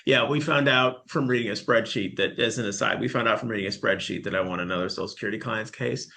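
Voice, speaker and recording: A man in his forties talks as a podcast guest in a gravelly, bright voice. He tells stories in a casual, expressive, animated way. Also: fairly low pitch, quick pace. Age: 40s. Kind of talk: casual conversation.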